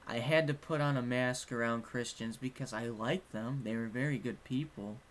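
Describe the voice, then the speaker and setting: A man's voice: mid-range voice, moderate pace, slight background noise. A young man telling a personal story in a casual vlog, rambling and frank, swearing now and then. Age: young adult. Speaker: vlogger.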